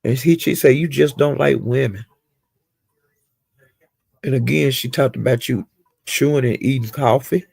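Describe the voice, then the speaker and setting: A man giving a casual, rambling gossip recap of livestreams, with animated retelling and frequent asides. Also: medium pitch, unhurried, vocal fry, long pauses, slightly rough, no echo.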